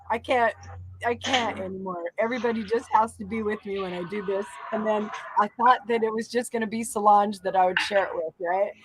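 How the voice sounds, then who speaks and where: Emotional spiritual lady host, laughing a lot, swears, loud then soft, slight background hum. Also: on the high side. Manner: emotional, laughing, swearing, swings between loud whoops and quiet murmurs. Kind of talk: casual chat after channeling.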